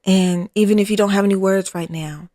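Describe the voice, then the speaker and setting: A woman podcast host leading a fervent spoken prayer, pleading and repeating herself, often dropping to a hushed, near-whispered delivery. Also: medium pitch, fairly even intonation, fairly quick, no room sound, clean studio sound.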